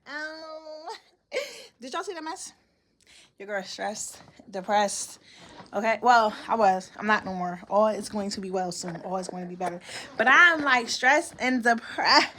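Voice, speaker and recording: A woman's voice: medium pitch, measured pace, slight background noise. A young woman vlogging from home, casually venting and acting out other people's lines. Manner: animated storytelling, acts out other people's lines.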